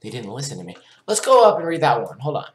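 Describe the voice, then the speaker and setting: A man's voice: medium pitch, huge pitch swings, quick pace, roomy sound. A man, a gaming YouTuber, reading an article aloud and arguing back at it in an indignant reaction commentary.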